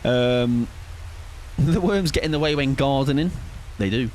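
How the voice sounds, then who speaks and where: A man's voice: mid-range voice, unhurried, darkish tone, slight background noise. A man chatting casually with viewers while streaming a game, playful and rambling, chuckling often. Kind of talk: casual live-stream chat while gaming.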